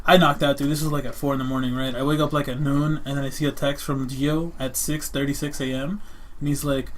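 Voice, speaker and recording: A man's voice: mid-range voice, brisk, slight background noise. A young man in casual chat with friends, telling stories and acting out what his friends said. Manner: animated storyteller acting out friends' lines. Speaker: podcast regular.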